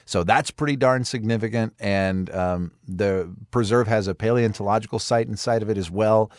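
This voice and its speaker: A man's voice: lowish voice, moderate pace, a little mellow, no echo, clean studio sound. A man hosting a podcast, talking in a chatty, enthusiastic and rambling way. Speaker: podcast host. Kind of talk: casual podcast talk.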